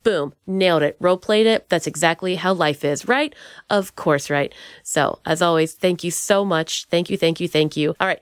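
A woman's voice: lowish voice, moderate pace, clean tone, no room sound, studio quality. Bubbly woman hosting a podcast. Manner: bubbly, playful, goofy asides. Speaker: podcast host. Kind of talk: casual podcast chat.

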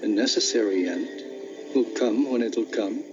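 An actor playing a solemn, gentle man in an old television drama, speaking in a measured way and softly quoting verse. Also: fairly low pitch, close to an everyday voice. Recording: dull old TV soundtrack with loud music.

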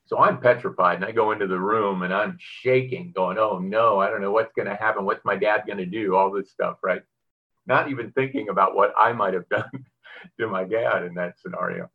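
Brief: middle-aged male pastor, husky low voice, chatty sermon delivery, slightly dull recording. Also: normal speed. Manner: conversational, with fillers and frequent "right?". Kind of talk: sermon with scripture reading and personal story.

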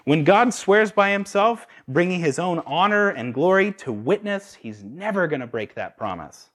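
A man's voice: high-pitched, moderate pace. A man preaching a sermon, asking his listeners rhetorical questions. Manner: animated, asks the audience rhetorical questions.

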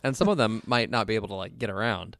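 Fast-talking pastor trading quips. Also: male voice, lowish voice, no echo, studio quality. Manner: playful, deadpan quips. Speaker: pastor and podcast co-host. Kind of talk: casual chat. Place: studio.

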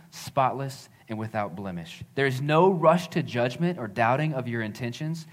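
A man in his thirties preaching a sermon as pastor, earnest and conversational, often repeating phrases. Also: mid-range voice.

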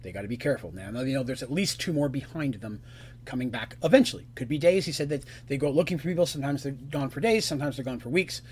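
A man narrating as game master on a live stream, in a relaxed, rambling style. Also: mid-range voice, fast, a little hiss or hum.

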